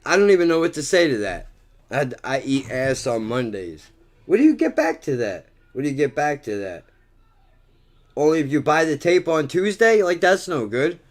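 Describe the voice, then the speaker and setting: A man's voice: on the high side, big pitch swings, moderate pace. A man rambling through a crude, profanity-filled vlog monologue, swearing and mocking himself. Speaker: vlogger.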